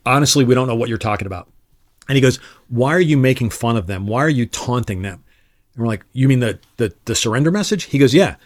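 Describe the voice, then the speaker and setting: A middle-aged man with a mid-range voice tells old stories from his military service in a relaxed, conversational way. He slips into the voices of the people he quotes, which keeps his anecdotes animated. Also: mid-range voice. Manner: animated storyteller who acts out quoted dialogue. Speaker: retired Army Special Forces officer, guest. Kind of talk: casual storytelling interview.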